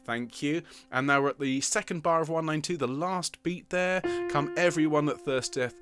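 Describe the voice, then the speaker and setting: Over piano accompaniment, a woman with a low-sitting voice and moderate pace directs an online choir rehearsal. She patiently counts the singers in and demonstrates short phrases of the alto part, coaching in a patient, encouraging manner.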